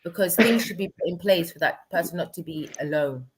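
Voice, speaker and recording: A woman's voice: lowish voice, expressive. A woman, a panelist on a casual discussion, arguing her opinions firmly. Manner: fast, opinionated, argues her point.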